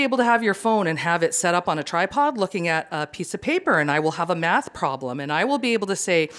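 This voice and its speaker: A woman presenting at a career event, chatty and animated, joking with the audience. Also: on the low side, fast, few pauses. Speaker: conference presenter. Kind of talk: lively seminar talk.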